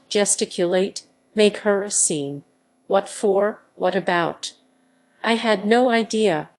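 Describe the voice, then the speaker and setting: A woman narrating a classic novel as an audiobook in a measured, even reading. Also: medium pitch. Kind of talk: scripted narration.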